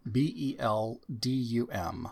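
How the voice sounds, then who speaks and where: A man hosting a quiz game in casual podcast banter, dry, slowly spelling out words. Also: medium pitch, expressive, creaky, darkish tone, husky. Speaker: quiz host.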